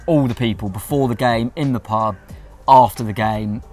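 A man's voice: medium pitch, a little mellow, soft background music. A man co-hosting a fan channel, chatting enthusiastically and restarting his sentences often. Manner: rapid, restarts a lot, enthusiastic. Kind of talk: casual chat review.

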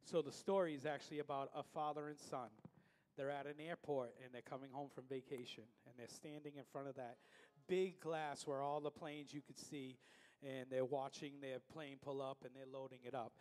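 A man's voice: mid-range voice, fairly even intonation, normal speed, a little mellow. A man telling a folksy story during a church service, speaking casually. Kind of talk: sermon story. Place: church hall. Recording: long reverb of a church hall.

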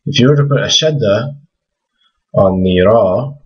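Low husky man teaching slowly. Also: muffled recording. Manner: relaxed, thinking aloud with fillers, repeats words slowly to model pronunciation. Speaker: language teacher. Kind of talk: casual explanatory lesson.

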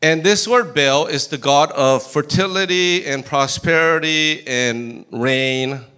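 A man preaching a sermon as pastor in a church, animated and acting out scripture in voices. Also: a little high, takes it slowly, smooth. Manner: animated, acts out Bible quotes in character voices. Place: church sanctuary.

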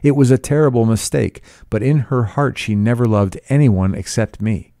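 A man's voice: low voice, moderate pace, vocal fry, warm tone, no echo, studio quality. A man reading the part of an earnest, polite young man in love, with an intense delivery.

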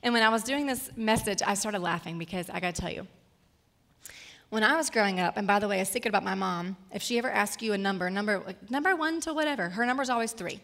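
A woman's voice: mid-range voice, fast talker, vocal fry, a bit bright. A woman in her thirties preaching a personal, story-filled sermon. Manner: personal, storytelling, gets emotional and tearful at times. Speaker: guest speaker.

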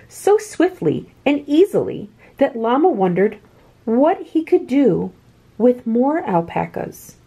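Husky, lively storybook reader woman. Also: mid-range voice. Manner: expressive, swooping storybook delivery. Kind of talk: reading a picture book aloud.

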